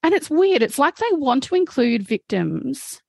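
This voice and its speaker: A woman's voice: high voice, big pitch swings, a little slow, gravelly, no room sound. A woman speaking as a guest, telling a personal story candidly, with frequent fillers and some swearing. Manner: frank, swears, many fillers like "like" and "um".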